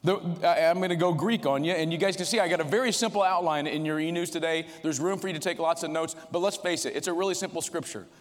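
A man delivering a sermon from a church sanctuary, talking to the congregation in a relaxed, conversational way with emphatic turns. His voice sits a little high for a man. The sound rings out with the long reverb of the hall. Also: fast, few pauses. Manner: conversational, emphatic preaching with a short opening prayer. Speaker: pastor.

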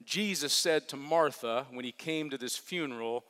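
A man preaching a sermon as pastor, earnest and repetitive, swinging from hushed to emphatic. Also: mid-range voice, normal speed, few pauses. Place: large church hall. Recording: long reverb of a large hall.

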